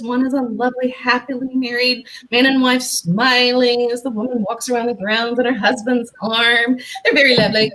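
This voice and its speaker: Woman host, bright forceful voice, pitched a little high, lively storytelling. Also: low-quality recording. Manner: lively storyteller with playful asides. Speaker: talk show host. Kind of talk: hosting a history and mystery segment.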